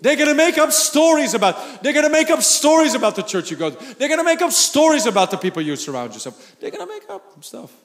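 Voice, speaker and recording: A pastor preaching a sermon, animated, laughing and shouting for emphasis. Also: male voice, very high voice, fast, hardly any pauses, long reverb tail.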